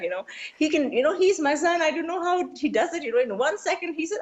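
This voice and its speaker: A woman's voice: high voice, expressive, fairly quick. A woman in her forties from Pakistan with a Pakistani English accent, a guest telling stories in an interview, chatty and rambling with lots of "you know" and "like" fillers. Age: 40s. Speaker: interview guest, beauty influencer. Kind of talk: casual interview talk.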